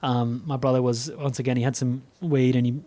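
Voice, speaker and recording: A man co-hosts a casual podcast, spinning long rambling anecdotes full of restarts. His voice sits at an ordinary pitch. The sound is dry and close, with no room around it. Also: level tone, fairly quick, warm tone, dry recording. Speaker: podcast co-host. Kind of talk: casual storytelling chat.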